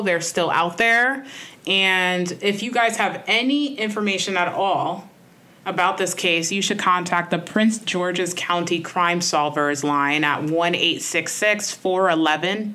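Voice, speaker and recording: A woman co-hosting a podcast, speaking in an earnest, reflective way in a slightly low voice. She keeps it loose and conversational, leaning on "like" and "you know" as she thinks aloud. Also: a little slow, pushed and bright. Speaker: podcast co-host. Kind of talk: casual conversational chat.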